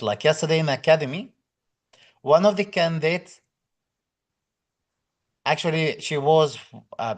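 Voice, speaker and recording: Chatty male lecturer greeting his students. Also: a little high. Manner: chatty, greets viewers by name, reads out comments; non-native English phrasing with fillers. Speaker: exam prep lecturer. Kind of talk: casual live-stream chat with students.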